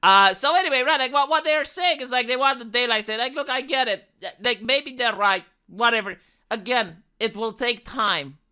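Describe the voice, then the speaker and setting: A man's voice: extremely high pitch, moderate pace, pushed and bright, clean tone. A man from Romania with a Romanian accent, giving exasperated reaction commentary as a streamer, swearing and repeating himself for emphasis into a desk microphone.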